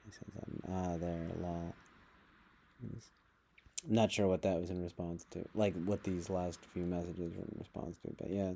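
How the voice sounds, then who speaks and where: Reading the news aloud during a live stream, a man offers casual, sarcastic reactions and slips into mocking high voices. His dark-toned voice shows little pitch movement and moves at a moderate pace.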